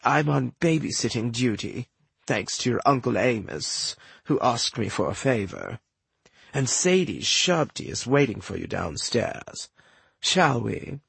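A composed feline goddess guardian speaks in a low, level, matter-of-fact way, voiced by a man reading an audiobook. Her tone is husky and held back rather than loud. The recording is close and dry, with no room sound. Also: sing-song, unhurried, no room sound, exaggerated voice. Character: cool, unflappable female cat goddess guardian.

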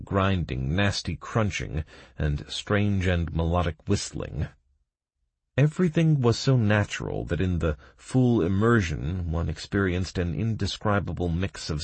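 A man narrating a fantasy story in the first person, measured and dramatic, on a close studio mic. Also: sits low, sing-song, vocal fry, darkish tone, slightly rough, no room sound. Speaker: audiobook narrator.

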